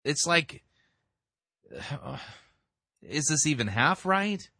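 A man commenting critically on a sermon, explaining scripture in a measured way. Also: fairly high pitch, sing-song, gravelly, pushed and bright, no room sound, clean studio sound. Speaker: sermon reviewer.

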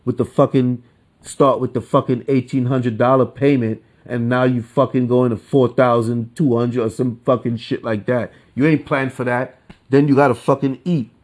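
A man hosting a solo podcast, ranting with a lot of swearing and swinging between calm talk and heated outbursts. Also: mid-range voice, normal speed. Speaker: podcast host.

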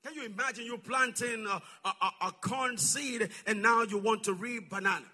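A male preacher delivering a sermon, calling out to the congregation and swinging from shouting to soft, low asides. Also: normal speed. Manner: call-and-response, swings from shouting to near-whisper.

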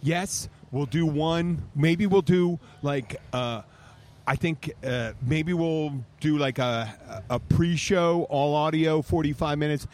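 A man's voice: fairly high pitch, slow pace, darkish tone. A man with a slightly raised voice tells rambling stories peppered with swearing. He chats casually as a podcast host, recording outdoors on a bar stage. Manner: rambling, profane storytelling.

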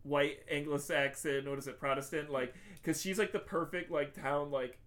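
A man's voice: a little high, steady tone, moderate pace, fairly bright tone. A man hosting a casual comedic film-review podcast, rambling with lots of fillers and frequent swearing. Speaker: podcast host.

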